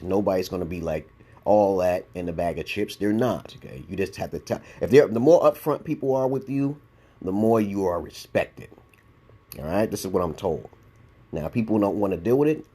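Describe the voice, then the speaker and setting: New york guy in his 40s ranting on a vlog, blunt and profane, kinda low voice, keeps saying okay. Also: animated, moderate pace, mellow, slightly rough. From Brooklyn, New York. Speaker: YouTube commentator. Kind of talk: casual response-video rant.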